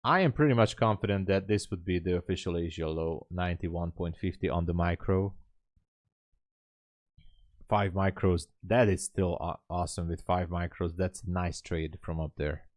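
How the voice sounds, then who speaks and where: Here a man with a low-pitched voice runs a day-trading livestream, thinking out loud while trading, saying hello to people in chat and laughing a lot. His speech is laid-back and halting, full of fillers, on a dry recording.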